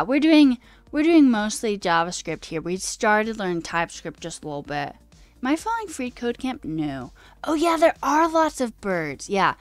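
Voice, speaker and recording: Chatty self-deprecating woman streamer. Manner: pitch leaps high mid-sentence. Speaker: coding streamer. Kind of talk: casual live-stream chat.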